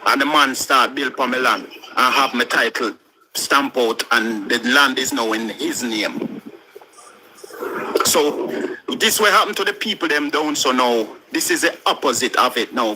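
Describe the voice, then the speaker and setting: A man's voice: medium pitch, normal speed, sharp tone, a little hiss or hum, low-quality recording. A man with a Jamaican accent, a caller on a live stream, talking casually in patois. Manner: talks in patois, recounting at length. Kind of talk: casual chat.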